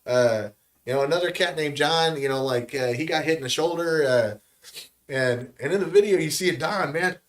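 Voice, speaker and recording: A man telling a story in casual podcast chat, profane and animated. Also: on the high side, normal speed.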